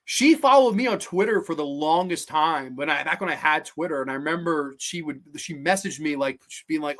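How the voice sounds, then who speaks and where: A man hosting a show that reviews horror films, talking in an animated, profane way with many fillers and restarts. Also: a little high, quick pace, hardly any pauses. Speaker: podcast host reviewing films. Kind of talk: casual film review monologue.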